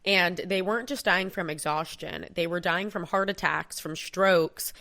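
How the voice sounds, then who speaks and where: A woman's voice: on the low side, a little slow, sharp tone. A woman co-hosting a casual history podcast, explaining events steadily and quoting from sources. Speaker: podcast co-host.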